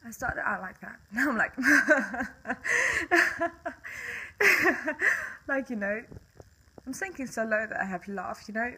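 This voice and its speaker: A woman's voice: on the high side, a little fast, pushed and bright, slight background noise, rough recording. Blunt, swearing Swedish young woman. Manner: passionate and blunt, swears a lot, laughs bitterly. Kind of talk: casual monologue to camera.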